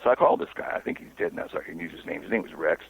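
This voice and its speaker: Over a tinny phone line, an investigative author with a low, gravelly voice gives a phone-in interview. He tells his stories haltingly and wryly, with a husky edge and lively intonation.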